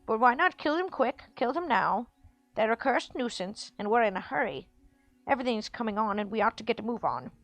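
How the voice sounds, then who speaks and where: A woman reading aloud, voicing an impatient, bloodthirsty male orc soldier who talks loud and quarrelsome. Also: fairly high pitch, animated, a little fast, no room sound, soft background music. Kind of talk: reading a book aloud on a livestream.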